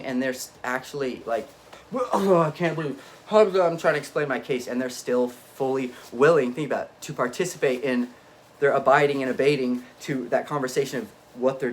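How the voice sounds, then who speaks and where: A man's voice: medium pitch, a little hiss or hum. Rambling intense man muttering and then bursting out. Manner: rambling, intense, swings between muttering and emphatic outbursts; frequent self-interruptions and restarts. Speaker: vlogger. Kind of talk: rambling unscripted monologue.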